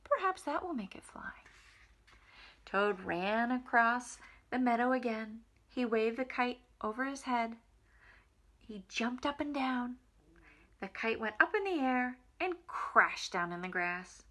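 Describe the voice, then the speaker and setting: A woman reading a picture book aloud to small children in a gentle, expressive way. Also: on the high side, takes it slowly. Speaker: nursery school reader. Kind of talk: storybook read-aloud for children.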